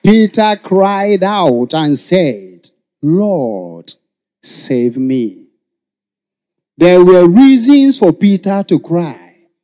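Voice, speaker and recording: A man with a Nigerian accent preaching a sermon to a congregation, calling for responses and shouting. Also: high voice. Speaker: pastor. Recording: long hall reverb.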